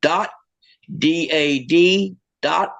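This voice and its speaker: A man doing a stand-up comedy set, with deadpan one-liners and halting restarts. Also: a little high, gravelly.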